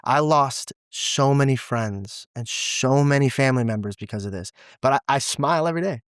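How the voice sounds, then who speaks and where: Young man, interview guest, candid and emotional, casual slang, mid-pitched voice, dry close sound. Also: normal speed, smooth, no room sound. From Assyrian heritage, grew up in a church. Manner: animated and expressive, says "dude" and "bro" a lot; earnest, close to tears at times. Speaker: podcast guest.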